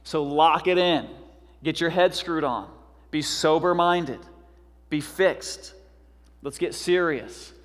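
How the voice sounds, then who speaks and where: A man's voice: fairly high pitch, takes it slowly, fairly bright tone. Urgent male pastor in an echoing hall. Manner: urgent, exhorting, then joking and casual. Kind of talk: sermon.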